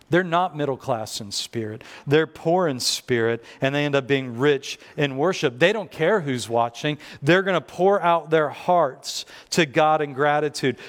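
A man preaching a sermon as pastor, telling stories conversationally with self-deprecating humor, in a church. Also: fairly high pitch. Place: church sanctuary. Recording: long reverb of a large church hall.

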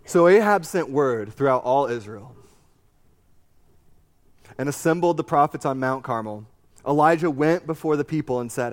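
A man preaching a sermon, reading scripture and adding animated, conversational asides with a joking streak. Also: mid-range voice, a little slow, long pauses. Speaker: pastor.

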